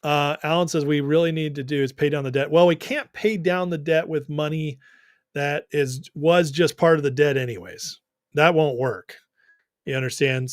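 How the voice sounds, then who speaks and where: Young guy doing a political livestream, chatty and opinionated, kinda high voice, dry mic. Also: no room sound. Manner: casual, opinionated, conversational. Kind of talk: live-stream chat commentary, reading viewer comments.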